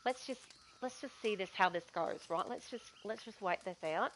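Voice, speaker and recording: A woman's voice: mid-range voice, moderate pace, a bit bright, a little hiss or hum, lightly acted. A woman with an Australian accent voicing a hesitant station co-owner who mutters and stalls. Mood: dithering.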